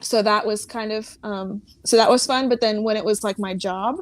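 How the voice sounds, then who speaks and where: A woman's voice: medium pitch, steady tone, moderate pace, dry recording. A woman from a small farming town in the United States, a guest on a casual video-call chat, rambling and giggly with lots of fillers. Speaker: guest fragrance reviewer.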